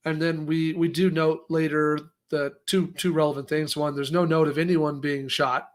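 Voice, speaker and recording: A man co-hosting a casual news breakdown, his voice sitting a bit higher than most. He tells the story in a lively, conversational way and often doubles back to restart a sentence. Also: a little slow, few pauses. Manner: lively, acts out quotes, frequent restarts. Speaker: co-host.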